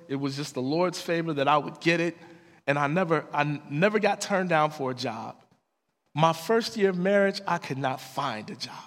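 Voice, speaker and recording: Man, preacher, fairly high voice, earnest storytelling sermon, long hall echo. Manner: earnest, plain-spoken, lively storytelling.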